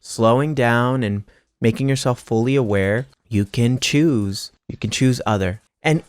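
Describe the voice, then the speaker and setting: A man's voice: medium pitch, smooth, no echo. Emphatic repetitive man with a dry voice. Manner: emphatic and repetitive, with stacked restarts and casual swearing. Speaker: astrology channel host. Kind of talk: casual spiritual pep talk answering viewer questions.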